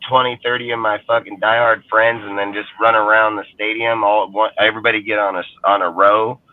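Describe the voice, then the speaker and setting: A man co-hosting a casual sports talk show, loud and crude, swearing constantly and acting out rival fans in mocking voices. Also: lowish voice, level tone, a little fast. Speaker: podcast co-host. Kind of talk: profane casual sports chat. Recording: phone-like narrow band.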